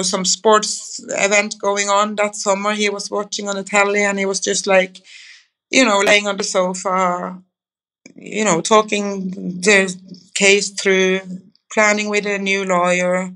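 A woman's voice: mid-range voice, a bit bright. Woman telling rambling anecdotes. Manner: rambling, anecdotal, frequent restarts. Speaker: interview guest. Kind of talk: conversational storytelling.

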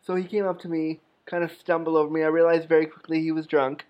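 A man's voice: fairly high pitch, flat delivery, fast talker, muffled recording. A man giving a personal storytelling talk, frank and humorous, with a wry edge. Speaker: speaker telling stories to an audience.

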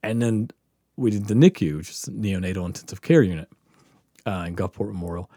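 A man, a podcast host telling a story in casual chat, animated and profane, laughing often and acting out quotes. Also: low voice, brisk, slightly rough, no echo, clean studio sound. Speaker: podcast host answering questions.

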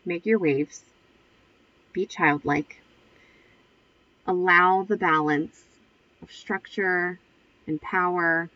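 Husky-voiced woman giving a pep talk. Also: deep voice, dull audio. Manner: earnest and encouraging, with conversational fillers. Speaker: podcast host and spiritual coach. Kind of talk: solo motivational talk.

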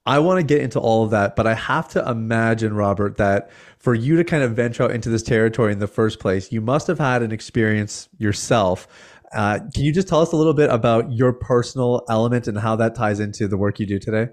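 A man hosting a live interview who poses questions to his guest in a calm, inviting way. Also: medium pitch, fairly quick. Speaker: interview host.

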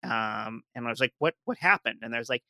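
A man on a podcast panel, recalling a work story in relaxed casual chat full of "like". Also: medium pitch, a little fast, no room sound.

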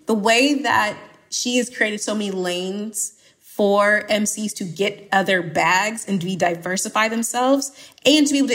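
An American woman from Atlanta, a podcast guest chatting casually. She talks emphatically, punches her points hard and leans into playful exaggeration. Her voice sits at a middle pitch. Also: fairly bright tone. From Atlanta, USA. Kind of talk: casual conversation.

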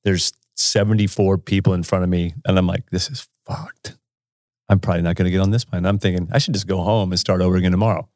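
A man's voice: low-pitched, little pitch movement, rapid-fire, hardly any pauses, darkish tone, dry recording, studio quality. A man casually telling a rambling, profane travel anecdote, laughing often as he goes. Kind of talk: casual storytelling.

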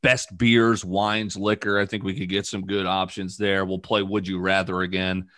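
A man's voice: low-pitched, level tone, normal speed, bright, forceful tone, no echo, studio quality. A man hosting a casual podcast, rambling with jokes and many fillers. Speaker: podcast host.

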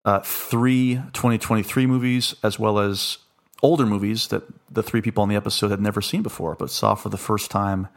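A hoarse man hosting a casual podcast, his low voice gravelly and frayed. He rambles easily through plugs and goodbyes in a relaxed, chatty way. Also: brisk. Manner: rambling, signing off with thanks and plugs. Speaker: podcast host.

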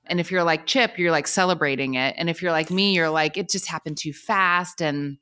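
Low-pitched bright-toned woman reflecting candidly. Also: fairly quick, smooth. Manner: candid and reflective, with frequent fillers. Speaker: guest. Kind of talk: casual conversation.

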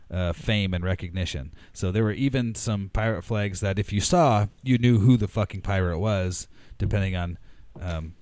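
A man's voice: fairly low pitch, a little mellow, no echo. A man co-hosting a casual podcast chat with a Pacific Northwest American accent, reading facts from a list and swearing freely. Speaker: podcast co-host.

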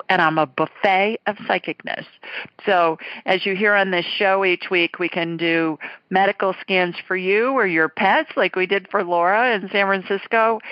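Chatty low-voiced woman radio host. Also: dry recording, dull audio. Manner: chatty, playful, laughs easily. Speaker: psychic radio show host. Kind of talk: casual call-in show chat and reading listener letters.

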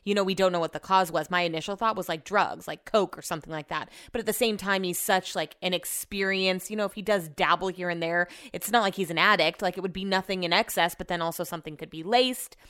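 A woman's voice: lowish voice, fast, hardly any pauses, fairly bright tone, clean tone. A young woman hosting a podcast alone from her home office, talking casually and rambling with lots of "like", sounding shaken and subdued. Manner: chatty, rambling, says "like" often. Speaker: podcast host. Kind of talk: casual solo podcast chat.

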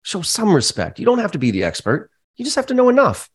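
A middle-aged man, a podcast guest and sales trainer, telling lively stories in casual, profane chat. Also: sits high, quick pace, breathy edge. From United States. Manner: animated storyteller, casual and profane, acts out quoted voices.

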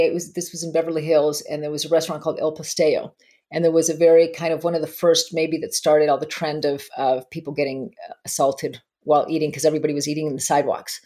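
A woman therapist telling animated stories in a podcast conversation, laughing often as she talks. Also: low-pitched.

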